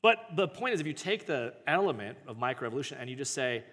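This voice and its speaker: A man's voice: medium pitch, big pitch swings, fast talker, hardly any pauses, fairly bright tone. Man reading aloud in a reverberant hall. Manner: casual, joking asides and self-corrections between read passages. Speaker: pastor teaching a book study. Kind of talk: reading a book aloud with off-the-cuff commentary. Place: church hall.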